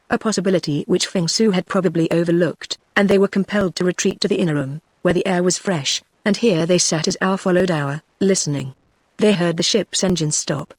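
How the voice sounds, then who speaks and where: A text-to-speech voice of a woman with a British English accent, reading an audiobook in an even, steady way. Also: fairly low pitch, dry recording. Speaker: audiobook narrator.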